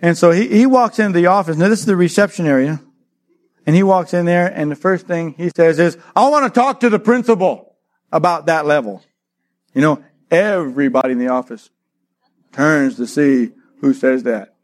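A middle-aged man preaching, telling a childhood story with lively acted-out voices. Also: a little high, normal speed. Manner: animated storyteller, acts out voices, laughs often. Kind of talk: sermon with a personal story.

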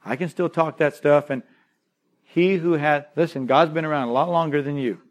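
Emphatic preaching man, fairly high voice. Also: moderate pace. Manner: emphatic preaching, swings from loud urging to quiet intensity; repeats key phrases for emphasis. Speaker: pastor. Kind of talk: sermon.

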